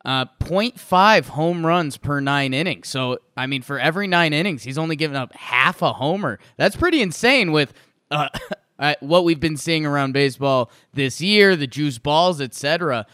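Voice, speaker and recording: Smooth-voiced excitable sports podcast guy. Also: on the high side, normal speed, no room sound, studio quality. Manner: animated, rambling with many restarts. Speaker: podcast co-host. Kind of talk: casual sports chat.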